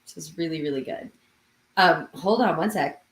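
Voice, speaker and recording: Gentle woman coach guiding a reflection. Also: low-pitched, moderate pace. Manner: gentle, hesitant, yawning at times. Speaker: intuitive coach. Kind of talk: casual live-stream talk, guided reflection.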